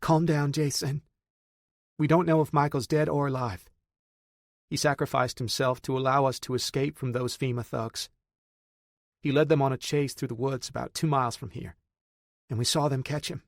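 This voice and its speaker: A man's voice: mid-range voice, steady tone, moderate pace, pauses often, no room sound, clean studio sound, pitched above the performer's own voice, close to an everyday voice. A man voicing a grieving woman who pleads urgently with her brother-in-law.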